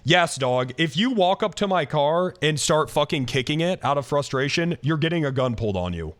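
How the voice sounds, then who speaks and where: A man's voice: a little high, expressive, moderate pace. A male streamer ranting to his chat, heated and profane, repeating himself as he talks. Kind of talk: live-stream rant to chat.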